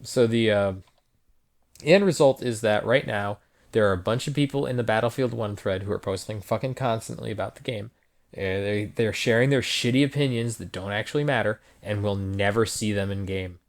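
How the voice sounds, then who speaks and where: A man's voice: on the low side, moderate pace. Man rambling through a casual story. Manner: rambling storyteller, profane, laughing. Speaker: podcast host. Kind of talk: casual podcast chat.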